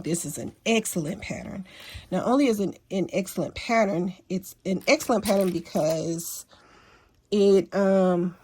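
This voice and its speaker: A woman with a lowish, slightly mellow voice hosts a relaxed sewing tutorial from home. She's chatty and folksy, tosses in apologetic asides, and sounds a bit sniffly. It's recorded on a phone mounted near her sewing machine.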